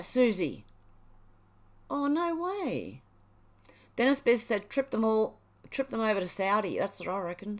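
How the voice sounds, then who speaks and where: An Australian woman hosting a casual livestream, reading viewer comments aloud and chatting back in a relaxed way. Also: medium pitch. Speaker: livestream host. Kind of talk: casual live chat reading.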